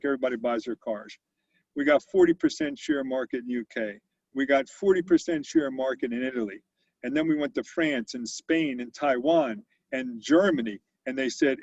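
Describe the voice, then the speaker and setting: An expressive CEO in his sixties shares stories in a conversational interview, peppered with fillers and restarts. His medium-pitched, darkish voice carries vocal fry and moves at a moderate pace. The recording is dry, dull and lo-fi.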